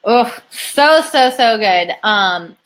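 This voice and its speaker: A woman's voice: on the high side, lively intonation, extremely slow, a bit bright. A woman hosting a casual interview, chatty and encouraging, laughing easily. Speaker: interview host. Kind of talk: casual live-stream interview.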